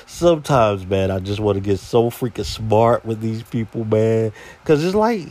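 A man's voice: fairly low pitch, lively intonation, normal speed, darkish tone. A man hosting a podcast, telling a story in a casual, slangy, exasperated way. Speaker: podcast host.

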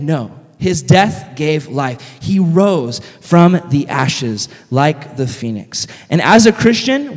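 Lively, joking male preacher in a hall. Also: high-pitched. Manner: energetic, joking, quizzes the audience. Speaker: youth speaker. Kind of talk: sermon.

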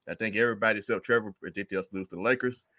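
A man's voice: on the low side, steady tone, racing, sharp tone, no room sound, clean studio sound. A man hosting a sports podcast, easygoing and laughing often as he moves the talk along. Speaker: podcast host. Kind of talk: casual sports podcast chat.

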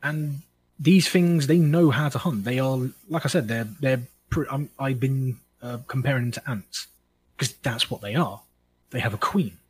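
A man's voice: mid-range voice, normal speed, slightly rough, poor audio. A man co-hosting a casual podcast chat, talking through monster matchups with frequent restarts and self-corrections. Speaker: podcast co-host.

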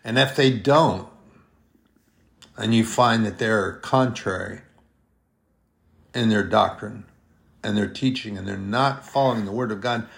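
Slow gravelly-voiced male preacher. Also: on the low side, fairly bright tone. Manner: slow, deliberate preaching with drawn-out emphatic phrases. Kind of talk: sermon.

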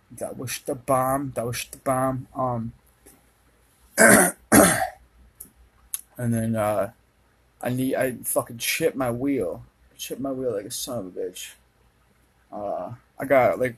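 A young man from Minnesota talks on his solo podcast in a rambling, laid-back way, swearing freely as thoughts come to him. His voice is husky and a little breathy, sitting at an ordinary middle pitch. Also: poor audio. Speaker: podcast host. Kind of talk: casual solo podcast monologue. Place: dark room at home with a fan running.

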